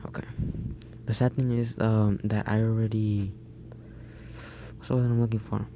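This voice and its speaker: A man's voice: on the low side, level tone, normal speed, mellow, highs cut off, slight background noise. A young man telling a story over gameplay in a casual, rambling way, often restarting his sentences. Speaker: gaming YouTuber.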